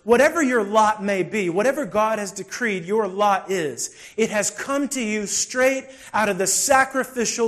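High-voiced pastor preaching. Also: male voice. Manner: conversational preaching, swings from soft asides to loud bursts. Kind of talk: sermon with personal storytelling.

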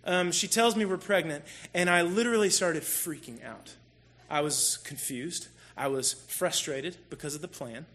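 A man telling a personal story in a sermon, animated and self-deprecating as he talks to the congregation. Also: on the high side, normal speed, hardly any pauses. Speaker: church speaker.

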